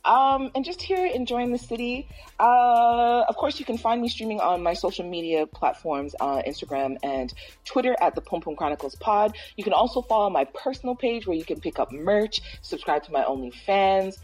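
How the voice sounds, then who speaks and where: A woman's voice: mid-range voice, lively intonation, moderate pace, a little mellow, faint music behind, low-quality recording. A woman from Toronto hosting a casual podcast chat, playful and loose, dropping Caribbean slang. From Toronto, Canada. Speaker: podcast host.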